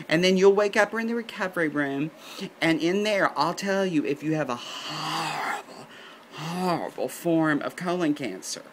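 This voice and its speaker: A man doing a blunt, deadpan doctor. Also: on the high side, moderate pace, a little hiss or hum. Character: blunt, matter-of-fact male doctor. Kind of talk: comic storytelling.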